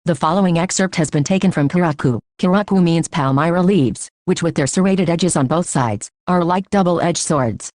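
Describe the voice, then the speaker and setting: A woman reading a school textbook aloud as an audiobook, in a steady, measured way. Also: lowish voice, no echo. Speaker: audiobook reader.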